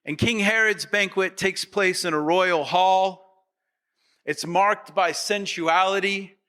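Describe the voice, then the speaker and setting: Pastor guy preaching slow, high bright voice, acts out what people say. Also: steady tone, clear, resonant tone. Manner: acts out quoted voices of the congregation; repetitive, rhetorical questions to the audience. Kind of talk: sermon.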